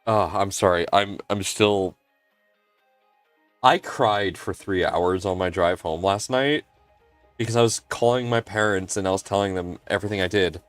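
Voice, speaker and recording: A man's voice: low voice, moderate pace, fairly bright tone, dry recording, faint music behind. A man hosting a casual livestream from his home workshop, earnest and emotional, often restarting his sentences. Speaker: livestream host and maker.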